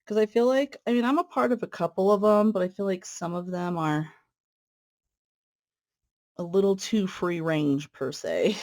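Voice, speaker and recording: A cross-stitch video host speaks in a fairly low, somewhat mellow voice during a relaxed stitch-along. Her warm, wandering chatter is packed with fillers and tangents, broken by occasional pauses while she threads the needle and draws the floss through.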